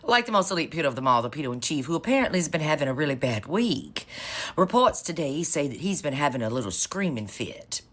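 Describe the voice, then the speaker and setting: A woman's voice: low voice, big pitch swings, fast, a bit bright. A woman co-hosting a podcast, giving sarcastic, profane political commentary and calling people honey. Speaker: podcast co-host.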